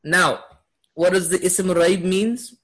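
Man, fairly high voice, classroom teacher, quizzes students, laughs a lot, upbeat. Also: slow, fairly bright tone. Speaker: Quran Arabic teacher. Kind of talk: classroom lesson.

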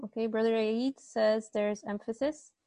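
A woman teaching Arabic grammar in an online class, chatty and quick to correct herself, often checking that the class agrees. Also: on the high side, fairly even intonation, warm tone, dry recording. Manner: chatty, self-correcting, asks class to confirm.

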